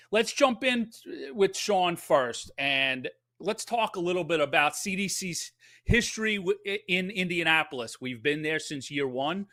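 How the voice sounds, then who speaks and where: A man's voice: mid-range voice, pushed and bright. A man hosting a casual podcast, upbeat and chatty with plenty of fillers. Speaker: podcast host.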